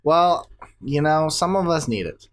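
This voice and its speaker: A man's voice: fairly high pitch, expressive, measured pace. A young man co-hosting a podcast in casual chat, making dry, self-deprecating jokes. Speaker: podcast co-host.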